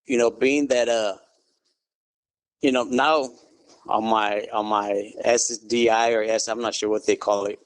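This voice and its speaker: A middle-aged man, a guest in an interview, telling his story in a relaxed, good-humored way and saying "you know" often. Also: fairly low pitch, measured pace, no echo. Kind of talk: casual interview.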